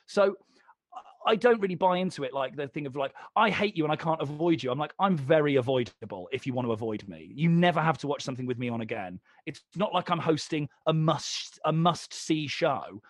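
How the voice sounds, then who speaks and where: In studio quality with no room sound, a young man with a higher voice speaks a little fast as a podcast guest. A comedian and presenter, he tells casual stories with lots of swearing, animated and voicing both sides of the dialogue.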